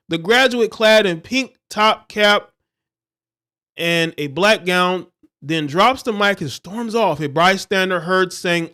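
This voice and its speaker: A man with a rather high voice hosts a livestream, reading a news item and then tearing into it. His tone is scornful and preachy, and he throws insults at the people in the story. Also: expressive, measured pace, sharp tone. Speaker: livestream host. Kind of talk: reading news and ranting commentary.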